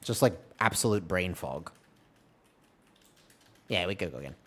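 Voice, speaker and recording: A man streaming a game, chatting casually in a tired, halting way and clearing his throat often. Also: sits low, lively intonation, a bit bright. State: tired, yawning. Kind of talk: casual gameplay chat.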